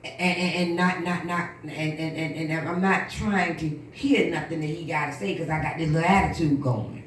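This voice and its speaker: A woman minister giving an animated church testimony, acting out the voices of the people in her story. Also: low-pitched, normal speed, slight background noise. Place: church hall. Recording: echoey room from far off.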